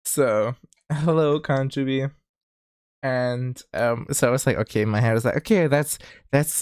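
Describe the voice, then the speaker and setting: A man's voice: on the low side, dry recording, clean studio sound. A man with a German accent and a slight lisp, chatting casually on a livestream, giggly and full of "like" fillers. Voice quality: slightly lispy. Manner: animated, giggly, many "like" fillers. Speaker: streamer. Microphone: streaming mic.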